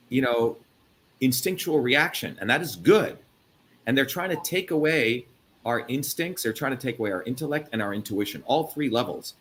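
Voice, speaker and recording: A man from India hosting a live interview, talking emphatically and profanely with loud swings of pitch. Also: a little hiss or hum. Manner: emphatic, profane, mocking put-on voices. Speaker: host.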